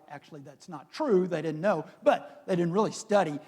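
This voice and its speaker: A man's voice: on the high side, moderate pace, hardly any pauses, a little mellow, breathy edge, in a large hall. A man preaching a sermon as a pastor, retelling scripture in a conversational, dramatic storytelling manner. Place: church sanctuary.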